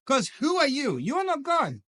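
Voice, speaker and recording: Animated, jokey man teaching. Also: very high voice, moderate pace, no echo. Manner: animated, jokey, acts out voices. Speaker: Torah teacher. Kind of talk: casual lively religious lesson.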